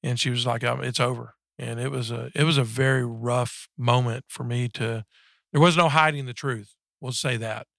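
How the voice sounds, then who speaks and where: A man in his forties giving a personal faith testimony in casual conversation, halting and earnest, with many restarts and fillers. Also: medium pitch, steady tone, creaky, a bit bright, no room sound, clean studio sound. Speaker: guest sharing a faith story.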